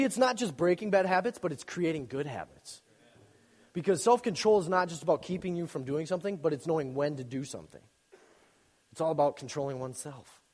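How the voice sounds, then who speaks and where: Young guy preaching casual, voice jumps all over, kinda high, big echoey hall. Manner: animated, joking storyteller with sudden loud bursts. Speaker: youth speaker. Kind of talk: casual sermon. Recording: long reverb in a hall.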